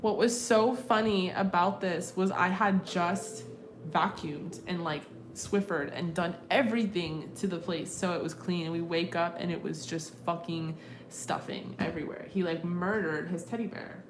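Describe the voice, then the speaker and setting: A woman's voice: lowish voice, moderate pace. A young woman tarot reader chatting casually and laughing often on her live stream. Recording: echoey room with noticeable background noise.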